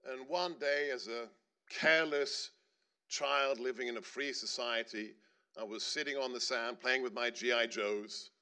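A man's voice: medium pitch, fairly even intonation, a little slow, bright, forceful tone, clean tone. A middle-aged man telling a personal story on stage at a panel, earnest and building to emphatic points. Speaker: panelist speaker.

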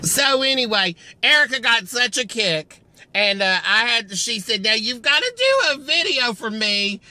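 A man tells a rambling story to a phone camera outdoors at a filling station, chatty and theatrical. He is cold and keeps clearing a frog in his throat. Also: very high-pitched, very animated, measured pace, dry recording. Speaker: vlogger telling a story. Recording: loud wind noise on an outdoor mic.

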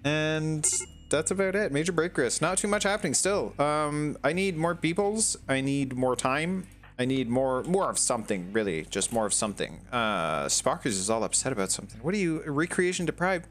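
A man's voice: fairly high pitch, expressive, normal speed, faint music behind. A man casually commenting as he plays a video game, chatting to the characters on screen. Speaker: gaming channel host. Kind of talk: casual let's-play commentary.

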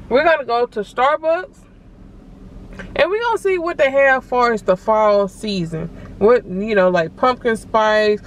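High-voiced sassy woman vlogger. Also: slight background noise, poor audio. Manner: sassy, teasing banter. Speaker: vlog co-host. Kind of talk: casual vlog chat and ordering. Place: car at a drive-thru.

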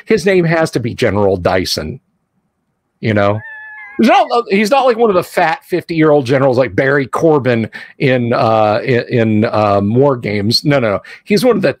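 A man hosting a casual podcast chat about movies, rambling and animated with quick asides. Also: medium pitch, dry recording. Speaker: podcast host.

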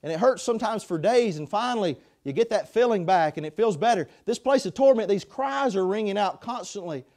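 A man preaching a sermon in a chapel, passionate, swinging between loud pleas and hushed passages. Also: high voice, expressive, fairly quick, hardly any pauses.

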